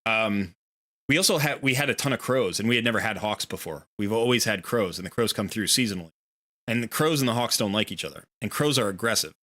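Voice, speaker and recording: A game streamer in a home room by a window talks fast in a lowish, sharp, animated voice. He chats on a casual livestream and spins a long, rambling story punctuated by playful voiced asides.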